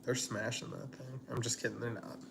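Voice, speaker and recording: A man talking at an ordinary pitch as he cooks and chats on a livestream. His talk is loose and rambling, full of fillers and asides. The home kitchen recording carries clear background noise and the crinkle of packaging. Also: little pitch movement, brisk. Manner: rambling, chatty, many fillers. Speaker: host cooking on a livestream. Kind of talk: casual live-stream chat.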